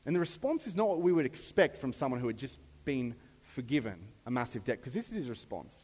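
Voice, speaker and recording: A man preaching a sermon in a relaxed, conversational way, briefly acting out the lines of the people in the story. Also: medium pitch, brisk, slightly rough, long reverb tail. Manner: conversational, acts out characters' lines. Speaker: pastor.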